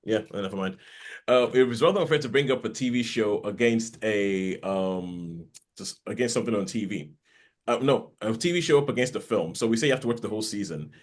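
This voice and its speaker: A man's voice: on the low side, expressive, fairly quick. A man co-hosting a podcast, chatting casually and rambling with frequent restarts. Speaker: podcast co-host. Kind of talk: casual chat.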